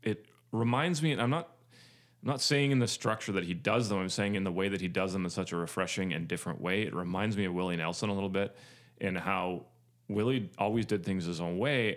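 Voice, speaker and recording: Man, deep voice, casual podcast chat, rambling, lots of fillers. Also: fast. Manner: rambling, filler-heavy, jokey. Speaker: podcast co-host.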